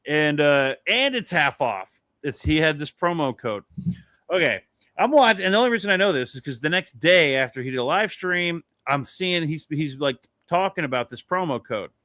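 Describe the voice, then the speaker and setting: Bright-voiced man telling a rambling story. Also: a little high, moderate pace, no room sound, clean studio sound. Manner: animated, swearing, rambling anecdote. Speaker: podcast co-host. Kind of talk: casual storytelling chat.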